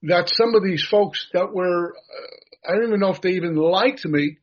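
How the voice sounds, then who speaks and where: A man with a husky, somewhat higher voice tells his recovery story in an earnest, self-deprecating way. The recording sounds dull and lo-fi. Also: normal speed. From United States. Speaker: recovery meeting speaker. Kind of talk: personal recovery share.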